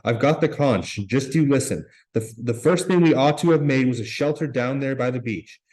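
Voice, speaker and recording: A man reading aloud and voicing a fussy, indignant schoolboy who scolds the others in a raised, slightly higher voice. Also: expressive, normal speed, a little mellow, close to an everyday voice, poor audio.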